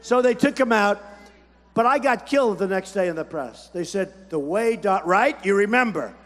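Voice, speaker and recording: A man's voice: sits high, animated, normal speed. A man in his seventies giving a campaign speech at a rally, in short, repetitive, boastful phrases. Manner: repetitive, punchy, boastful, shouting over a crowd. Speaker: political candidate at a rally. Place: large rally hall. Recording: long hall reverb from a big arena.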